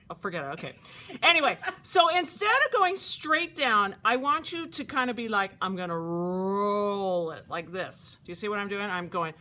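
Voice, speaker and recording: A woman teaching a craft to children at a camp, talking in a playful, animated, chatty way. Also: a little high.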